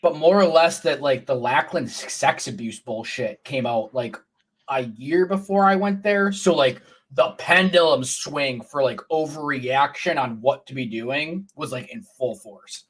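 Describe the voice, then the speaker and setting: A man in his thirties in casual chat, relaxed and hedging with "like". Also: medium pitch, unhurried, breathy edge.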